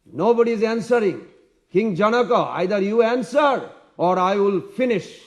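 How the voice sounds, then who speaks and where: A man's voice: sits high, moderate pace, voice pushed up, natural voice. A man voicing a furious warrior sage who roars his demands and threats. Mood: threatening. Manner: roaring, threatening.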